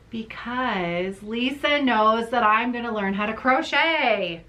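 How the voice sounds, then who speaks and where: A Canadian woman hosts a Flosstube needlework vlog, speaking slowly at medium pitch with hardly any pauses in a pushed, bright voice. She tells stories in a rambling, chatty way, often restarting and laughing.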